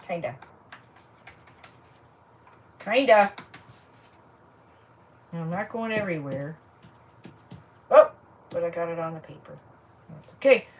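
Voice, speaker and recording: A woman's voice: low-pitched, vocal fry, far from the mic. Chatty crafter woman, a bit off-mic. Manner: chatty, thinking aloud as she works. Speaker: crafter livestreaming a project. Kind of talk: casual chat while crafting. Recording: voice set back from the mic, faint noise.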